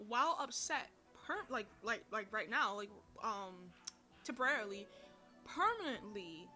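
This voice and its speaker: A woman's voice: mid-range voice, sing-song, measured pace, bright, forceful tone, faint music behind. A woman hosting a casual commentary show, talking in a chatty, rambling way with many fillers and self-corrections. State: burping from heartburn. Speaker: podcast host reviewing a TV drama.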